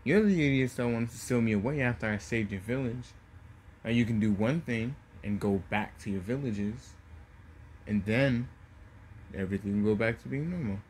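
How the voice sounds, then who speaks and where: A man voicing an arrogant, menacing young male ninja in a casually told fan story, with slow, taunting, drawn-out threats. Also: medium pitch, a little mellow, slight background noise, lightly acted. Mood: mocking.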